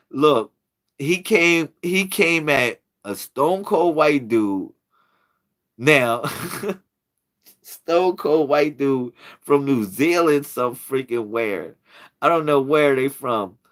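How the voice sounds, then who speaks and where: A man's voice: medium pitch, a bit bright. A man telling a casual, slangy story to the camera, laughing often and jumping into quoted voices. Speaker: spiritual channel host.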